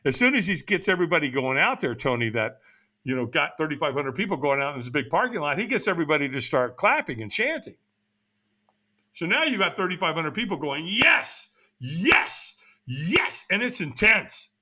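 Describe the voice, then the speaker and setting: An American man in middle age tells a story as an interview guest, his pitch swinging widely as he builds the drama. His voice sits a little high and sounds bright and forceful. He acts out the lines of the people in his story. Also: a little fast. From United States. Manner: animated, acts out other people's lines in a raised voice. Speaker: podcast guest.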